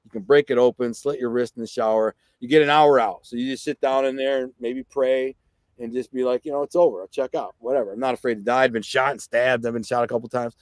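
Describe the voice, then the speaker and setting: A man's voice: medium pitch, steady tone, brisk, clear, resonant tone, no echo. A man guest telling a personal story in blunt, plainspoken street talk. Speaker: podcast guest.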